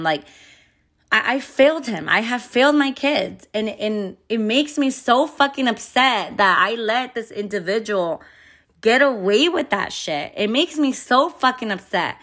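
A woman's voice: on the high side, lively intonation, a little slow, a bit bright. A mother telling a heated story in a candid storytime vlog, full of profanity and filler words.

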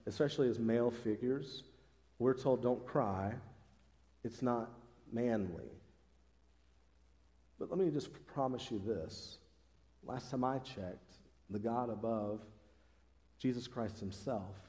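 A man preaches in an earnest, conversational way, now and then lifting his voice to drive a point home. His tone is mellow and relaxed rather than bright. The sound carries a long reverb from the church sanctuary around him. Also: medium pitch. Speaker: pastor. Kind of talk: sermon.

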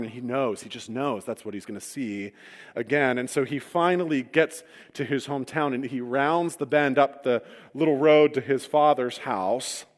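A man preaching a sermon, retelling a story with humorous asides. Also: medium pitch. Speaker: pastor. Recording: long reverb of a large hall.

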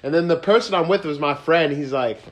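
A young man co-hosting a casual podcast, telling an embarrassing story with lots of laughing, drifting between mumbled asides and loud outbursts. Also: fairly high pitch, a little fast, lo-fi sound. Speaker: podcast co-host.

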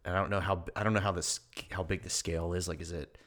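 Rambling, low-voiced male podcast co-host. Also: flat delivery, fast, a bit bright. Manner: rambling, hedging with lots of "like". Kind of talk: casual chat.

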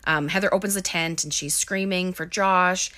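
A woman's voice: lowish voice, steady tone, moderate pace, pushed and bright. A woman casually recapping a film, talking with lots of fillers. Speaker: movie recap host.

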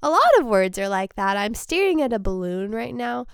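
A woman's voice: fairly high pitch, very animated, moderate pace, vocal fry, clean tone, no echo. A woman hosting her podcast alone, a comedian rambling in a casual, self-deprecating and emotional way from her studio. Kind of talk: casual solo monologue. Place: studio space.

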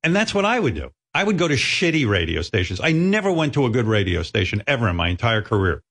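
A man's voice: medium pitch, sing-song, quick pace, a bit bright. A middle-aged man hosting a radio show in a studio, telling rambling, profane, self-mocking stories in casual banter.

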